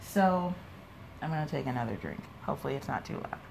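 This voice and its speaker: A young woman with a low, fast, expressive voice and vocal fry hosts her own podcast from home, sipping a drink as she records. She rambles casually through a long personal story, swearing freely and acting out what other people said. A faint hiss sits beneath her voice.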